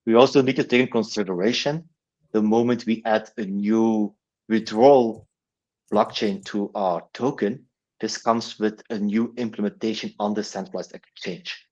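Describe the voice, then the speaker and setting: A man's voice: lowish voice, fairly even intonation, moderate pace, darkish tone, lo-fi sound. A man heading a foundation, earnestly explaining answers to community questions on a livestream call, often restarting his words.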